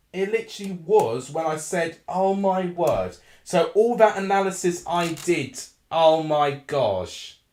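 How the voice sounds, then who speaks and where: A man hosting a live football watchalong, excitable and flustered, swinging between ranting and calm analysis over a desk microphone. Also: on the high side, reverberant. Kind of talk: live match commentary and chat.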